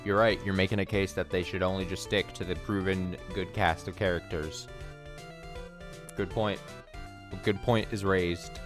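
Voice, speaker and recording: A man's voice: sits low, steady tone, normal speed. A young man streaming a video game, giving casual, sarcastic commentary with swearing. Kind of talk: let's play commentary. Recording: game music behind.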